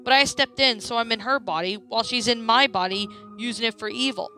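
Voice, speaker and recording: A woman's voice: fairly high pitch, a little fast, sharp tone, faint music behind. A woman voicing a kind, earnest good witch in a storybook reading. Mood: explaining.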